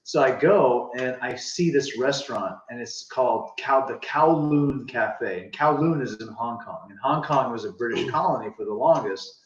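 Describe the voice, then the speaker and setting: Male host, animated, reads comments, muffled roomy room tone. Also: medium pitch, moderate pace, hardly any pauses. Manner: animated, reads viewer comments aloud, rambling anecdotes. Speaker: livestream co-host. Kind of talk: casual livestream chat. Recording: roomy, distant, dull sound.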